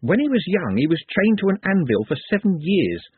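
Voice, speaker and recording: A man's voice: high voice, big pitch swings, brisk, breathy edge, no room sound, voice pushed up, exaggerated voice. A man voicing a blunt, street-smart young man who talks casually. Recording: tinny phone-like dry audio.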